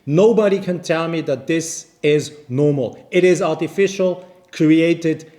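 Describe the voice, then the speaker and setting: A man, a watch channel host, telling a story in casual English, animated and indignant, with many restarts. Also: fairly high pitch, measured pace. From based in Vienna. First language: not English; speaks non-native English.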